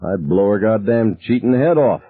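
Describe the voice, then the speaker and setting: A man's voice: lowish voice, expressive, normal speed, husky, no echo, voice pushed up. A man doing a very drunk crude camp buddy. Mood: goading. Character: very drunk, crude middle-aged man at a campfire. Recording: narrow phone-like sound.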